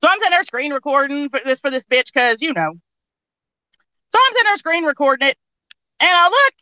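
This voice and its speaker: A woman with a high, sharp voice rants in an angry, profane stream during a casual chat. Her voice is recorded close and dry, with no room sound. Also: big pitch swings, brisk, dry recording, muffled recording.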